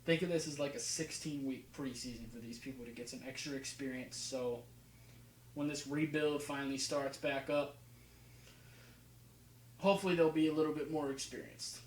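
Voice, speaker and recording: Male vlogger, slight New Jersey accent, mid-pitched casual commentary, faint room hum. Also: fairly even intonation, normal speed, echoey room, poor audio. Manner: rambling, casual, fillers and restarts. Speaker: football film breakdown host. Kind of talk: casual commentary over game film.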